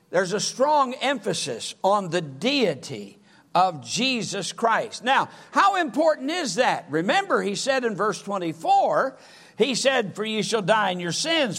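A male preacher delivering a sermon, reading scripture in an emphatic, drawn-out way. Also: high-pitched, fairly bright tone.

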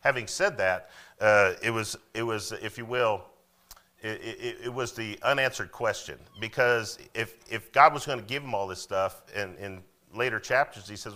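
A male pastor with a somewhat low but bright, forward voice delivers a sermon. He reads old scripture with rising emphasis, then explains it plainly, checking in with his listeners. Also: normal speed.

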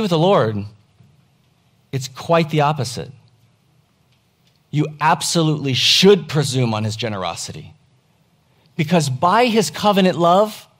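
A pastor preaching earnestly to his congregation during a church service, plain-spoken and emphatic. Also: on the high side. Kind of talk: sermon.

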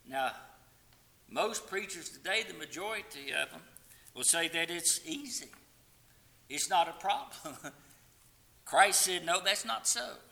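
A man preaching a sermon with passion, swinging from loud pleading to quiet, hushed lines and sometimes singing hymn verses. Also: fairly high pitch, expressive, takes it slowly, gravelly, pauses often.

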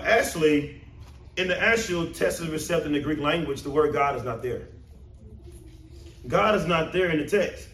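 A man preaching a sermon to a congregation, emphatic and animated, asking the room questions. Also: sits high. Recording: roomy echo, mic at a distance.

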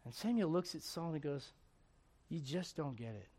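A man's voice: on the high side, lively intonation, moderate pace, dark tone. A male pastor preaching a sermon with emphatic storytelling and direct questions to the congregation.

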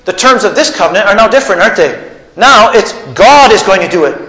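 A man's voice: sits high, lively intonation, fast talker, bright, forceful tone, echoey room, rough recording. A man preaching a teaching sermon, putting questions to his congregation. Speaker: pastor. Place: church.

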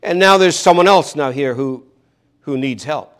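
Brief: male preacher, fairly high voice, earnest and emphatic, hammers home repeated lines. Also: expressive, normal speed, fairly bright tone. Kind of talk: expository sermon.

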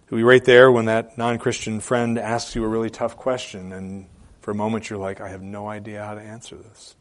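A male pastor preaching a sermon, repeating phrases for emphasis and moving between loud declarations and quiet, hushed appeals. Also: lowish voice. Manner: repeats phrases for emphasis with occasional filler hesitations.

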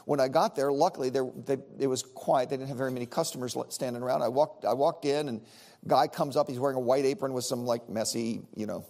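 A middle-aged man, a Baptist preacher leading a Seder, telling a story in a sermon with lively, repetitive phrasing. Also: mid-range voice, quick pace, creaky. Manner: animated, repeats words while telling a story.

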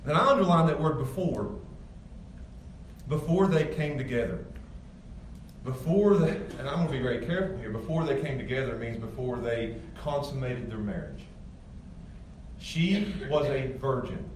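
With a medium-pitched voice, lively intonation and a moderate pace broken by long pauses, a male pastor gives a sermon to the congregation. He's emphatic and conversational, often restarting. The church sanctuary echoes, the mic sits far away, and there's faint ambience plus a little hiss or hum.

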